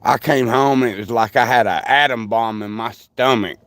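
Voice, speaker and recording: A man's voice: medium pitch, moderate pace, fairly bright tone, no echo. An older man, rambling through folksy stories while chatting with viewers on a livestream. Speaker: livestream host. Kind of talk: casual live chat with viewers.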